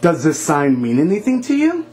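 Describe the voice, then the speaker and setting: Man putting on a lilting high fortune teller woman. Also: wildly swooping pitch, moderate pace, a little mellow, a little hiss or hum. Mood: mysterious. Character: mystical female fortune teller, calm, theatrical.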